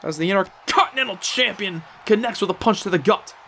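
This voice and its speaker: High, bright-voiced excitable wrestling commentator man. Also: a little fast, slight background noise. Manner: excitable, rising to shouts at big moves.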